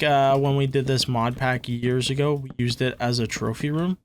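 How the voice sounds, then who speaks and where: A man's voice: mid-range voice, a little hiss or hum. A man hosting a gaming channel, chatting casually and rambling through gameplay commentary with lots of fillers and a loose, self-mocking, easygoing manner.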